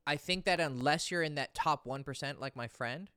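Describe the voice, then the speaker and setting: A man's voice: a little high, lively intonation, a little slow, fairly bright tone, clean tone, dry recording, studio quality. A man working as a dating coach, talking casually and bluntly, swearing now and then and answering viewer questions. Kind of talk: casual livestream talk.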